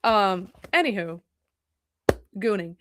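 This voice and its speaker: A woman's voice: medium pitch, slow pace, dry recording. A young woman streamer chatting casually at her computer, rambling and swearing as she talks. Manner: rambling, profane and animated. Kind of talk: casual chat. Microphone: desk mic at a computer.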